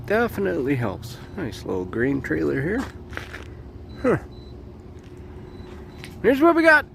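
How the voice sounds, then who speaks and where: A man's voice: on the high side, huge pitch swings, slow pace, gravelly. A middle-aged Canadian truck driver chatting casually to a phone camera outdoors beside his truck, exclaiming at the gusts. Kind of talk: casual vlog chat. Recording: loud wind noise on mic. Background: wind gusts.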